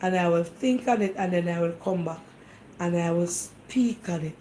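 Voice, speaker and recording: A woman with a Jamaican accent, her voice on the low side and mellow, hosts a laid-back talk show at a moderate pace. She insists on her view, speaks directly to viewers, and keeps challenging them with questions. The audio is poor, with a slight hiss or hum.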